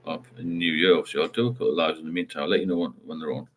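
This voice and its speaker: A man's voice: extremely low pitch, steady tone, rapid-fire, fairly bright tone, a little hiss or hum. A middle-aged man, hosting a casual livestream chat and rambling while he reads out viewer comments. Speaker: livestream host.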